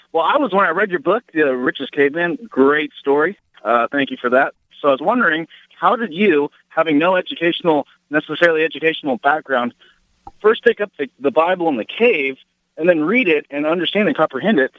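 A young man, a college student, calling in politely and a bit haltingly. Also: fairly high pitch, lively intonation, dry recording. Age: young adult. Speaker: caller. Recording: tinny phone line.

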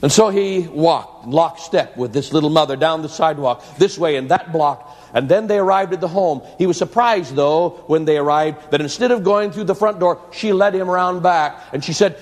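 A man's voice: a little high, normal speed, few pauses, a little mellow. A man preacher telling a story in an earnest, dramatic sermon that flows into prayer, in an echoey church hall.

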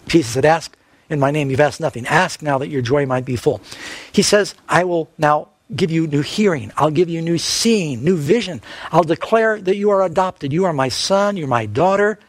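A middle-aged man preaches in an earnest, urging way, reading scripture aloud and posing questions to his listeners. His voice sits a little high for a man. The sound is dry and close, with no room echo. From Northern California. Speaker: pastor. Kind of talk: evangelistic sermon.

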